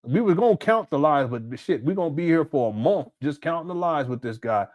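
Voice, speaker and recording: A man's voice: fairly high pitch, expressive, fairly quick, a little mellow. A man hosting a reaction commentary, incredulous and indignant, laughing often. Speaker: commentary channel host.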